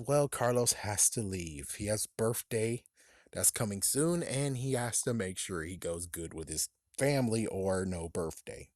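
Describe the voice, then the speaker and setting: A man's voice: on the low side, darkish tone, dry recording, studio quality. A man giving a casual, rambling spoken book review, swearing freely and laughing at his own jokes. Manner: rambling, profane, laughs often.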